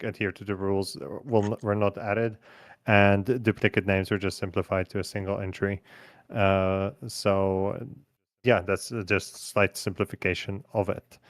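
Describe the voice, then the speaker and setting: A man's voice: lowish voice, little pitch movement, measured pace, no room sound, clean studio sound. A man hosting a livestream in a casual, hesitant way with frequent fillers. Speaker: host.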